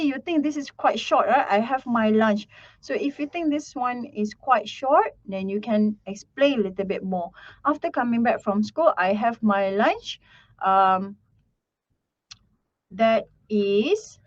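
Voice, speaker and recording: A woman teaching an online speaking class, repeating "okay" and modelling sample answers slowly. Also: mid-range voice. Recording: dull lo-fi stream audio.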